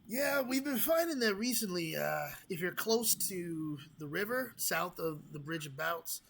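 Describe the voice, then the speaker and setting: A man's voice: high-pitched, animated, unhurried, creaky, fairly bright tone, full character voice. A man doing a chatty young dragonborn shopkeeper. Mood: helpful. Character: young male dragonborn apothecary clerk, helpful.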